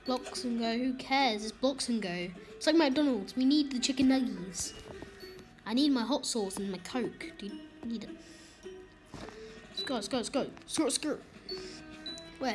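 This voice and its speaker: A high-voiced woman chatters through a game, excitable and quick, tossing out jokes and complaints. Loud game music runs under her voice the whole time. It is casual commentary for a gaming video. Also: low-quality recording. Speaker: gamer, video host.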